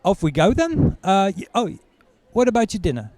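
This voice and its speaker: A man's voice: high-pitched, very animated, normal speed, a little mellow, dry recording, voice pushed up. A man voicing a bumbling, friendly male Spanish policeman who fumbles hesitantly through his words. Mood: chummy.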